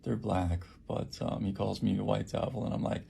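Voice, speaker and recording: A man who works at a homeless shelter recounts an attack in a halting personal account, with many fillers and restarts. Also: on the low side, steady tone, vocal fry, dark tone, husky.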